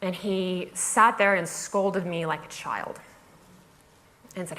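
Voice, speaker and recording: A woman's voice: fairly low pitch, slow pace, long pauses, pushed and bright. A woman giving a humorous storytelling talk on a festival stage, wry and self-mocking, often laughing through her lines. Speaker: conference speaker.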